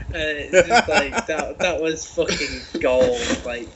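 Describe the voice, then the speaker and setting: A man's voice: fairly high pitch, measured pace, few pauses, a bit bright, slight background noise, low-quality recording. A British man talking animatedly on a podcast, swearing freely and restarting his sentences often. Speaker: podcast co-host. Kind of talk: casual chat.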